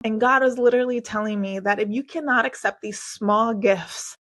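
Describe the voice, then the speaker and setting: A woman's voice: on the high side, a little fast, few pauses. A woman in her forties hosting a heartfelt solo podcast, earnest and emotional, talking to listeners with lots of "like" and "y'all". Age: 40s. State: tearful at times. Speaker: podcast host and coach.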